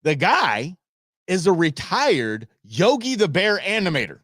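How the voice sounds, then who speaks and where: Host, middle-aged man from Southern California; bouncy, expressive delivery, casual storytelling. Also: high voice, unhurried, dry recording, clean studio sound. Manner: animated, exclamatory storyteller. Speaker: show host.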